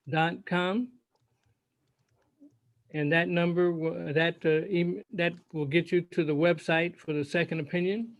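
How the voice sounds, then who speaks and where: A man hosting an online health forum, giving halting closing remarks over a video call and slowly spelling out contact details. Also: a little high, steady tone, a bit bright, dry recording.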